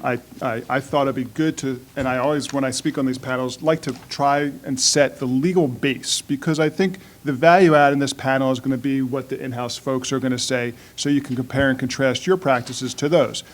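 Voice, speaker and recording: A man's voice: medium pitch, fairly even intonation, fairly quick, few pauses. Man, conversational conference panel lawyer. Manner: conversational, with frequent restarts and rhetorical questions. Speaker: outside counsel on a conference panel. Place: conference breakout room.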